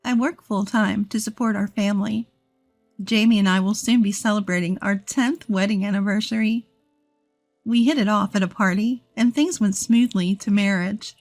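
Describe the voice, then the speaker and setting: A woman in her thirties telling a first-person story in a steady, earnest scripted narration. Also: mid-range voice, normal speed, dry recording, soft background music. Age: 30s.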